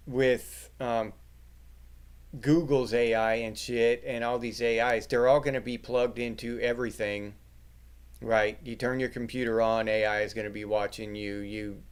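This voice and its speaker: A man's voice: mid-range voice, clear, resonant tone. A middle-aged man hosting a livestream, chatting casually with his viewers and joking crudely with plenty of swearing. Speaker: livestream host reading chat.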